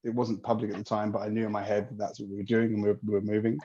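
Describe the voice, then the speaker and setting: A man's voice: fairly low pitch, level tone, racing, dark tone. A man telling friendly anecdotes in a casual video chat, laughing as he goes. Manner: anecdotal, laughs through stories. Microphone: video call. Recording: dull video call audio with faint noise.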